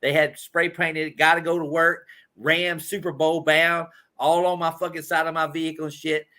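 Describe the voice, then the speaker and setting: A man's voice: on the high side, level tone, normal speed, sharp tone. A man from Indianapolis hosting a podcast, telling rambling, profane sports stories in casual chat. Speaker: podcast host.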